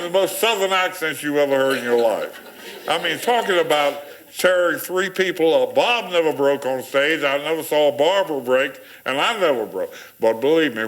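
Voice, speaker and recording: An older man telling rambling stories, chuckling and pausing with fillers as a panel guest. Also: mid-range voice, a bit bright, poor audio. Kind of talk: casual storytelling.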